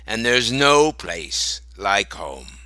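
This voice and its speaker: A man voicing an old grandfather who loves his bees, speaking slowly, gently and patiently. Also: on the low side, very animated, no room sound, heavily acted. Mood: calm. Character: bee-loving old grandfather, calm and stubborn.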